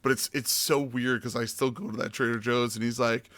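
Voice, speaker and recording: A man's voice: mid-range voice, level tone, quick pace, few pauses, a bit bright, dry recording. A man hosting a casual podcast interview, friendly and encouraging as he asks questions. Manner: friendly, encouraging, laughs along. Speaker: podcast host, streamer.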